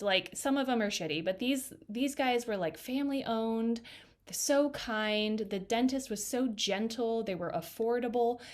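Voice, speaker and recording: A woman hairstylist chats on a podcast over a video call. She is a lively storyteller, pitched in a middle range, and she slips into the voices of the people she quotes. Her delivery is loose and conversational.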